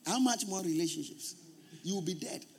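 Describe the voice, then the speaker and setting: A man preaching a sermon as pastor, emphatic and repetitive, at times shouting. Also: high voice, a little fast, vocal fry, slightly rough.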